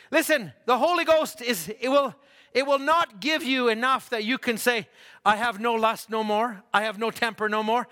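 Preacher, male, bright forceful tone, folksy pulpit delivery in a reverberant sanctuary. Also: extremely high pitch. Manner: folksy, repeats himself, laughs at own stories. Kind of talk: sermon.

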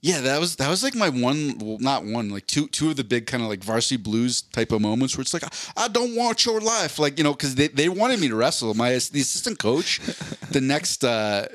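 An animated, brisk podcast host in his forties tells a long story in casual chat, rambling and cursing with many fillers and restarts. His voice is mid-range and fairly bright, in a clean studio recording free of room sound.

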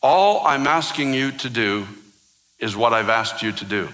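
A man voicing God in a sermon, speaking softly, tenderly and measured. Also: mid-range voice, animated, in a large hall. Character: tender voice of God, calm and gentle.

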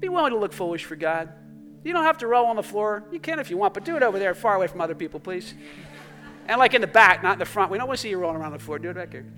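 A male pastor preaching a sermon to a congregation, swinging between fervent exclamations and hushed passages, with jokey asides. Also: high-pitched, very animated, rapid-fire, faint music behind.

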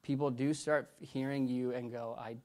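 Middle-aged man, preacher, testimony sermon, halting restarts, loud then hushed. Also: mid-range voice, fairly even intonation. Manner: halting and rambling, many restarts, swinging between loud bursts and hushed retelling.

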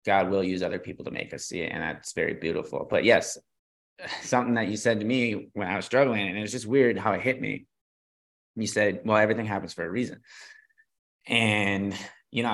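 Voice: low voice, fairly bright tone. A podcast co-host speaking thoughtfully and encouragingly, repeating words as they go. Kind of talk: casual faith podcast chat.

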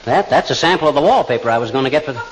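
An actor playing a boastful, blustering middle-aged male inventor, talking fast, in a 1940s radio comedy. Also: mid-range voice, expressive, natural voice. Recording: hissy noisy 1940s radio broadcast.

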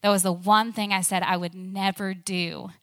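A woman voicing an anxious, ashamed male disciple who questions himself in halting sentences. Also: mid-range voice, little pitch movement, dry recording, close to an everyday voice.

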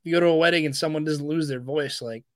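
A man's voice: fairly high pitch, quick pace, no echo, clean studio sound. A young man hosting a casual sports podcast, chatty and full of fillers. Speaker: podcast host.

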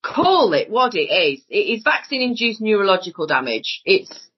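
On dull, lo-fi audio, a woman from Northern England chats as a podcast guest in a casual conversation, swearing freely. She's blunt and emphatic, with a medium-pitched, slightly rough voice that has a sing-song lilt at a normal speed.

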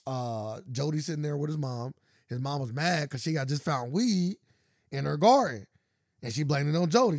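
A man co-hosting a podcast, chatting casually and acting out stories with lively quoted voices. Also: brisk, no echo, clean studio sound. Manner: animated storytelling, acting out quotes in high voices. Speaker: podcast co-host. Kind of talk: casual chat.

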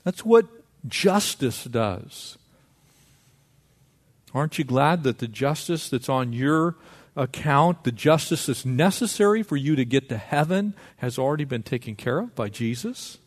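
A middle-aged man preaching a sermon, lively and conversational, acting out little dialogues. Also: mid-range voice, unhurried. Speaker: pastor.

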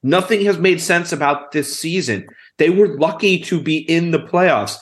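A young man, a podcast co-host, breaking down hockey stats in quick, emphatic casual chat. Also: a little high.

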